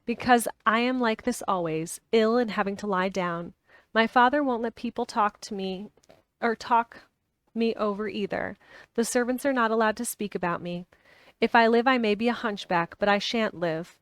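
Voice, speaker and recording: A woman's voice: fairly high pitch, normal speed, a bit bright, clean tone, no room sound, close to an everyday voice. A woman reading aloud, voicing a sickly, fretful young boy who is bedridden and gloomy, in a complaining tone.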